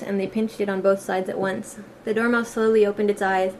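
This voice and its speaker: A woman narrating a storybook audiobook in a plain, steady reading voice with a few small slips. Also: mid-range voice, a little fast, hardly any pauses, a little hiss or hum. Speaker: audiobook reader.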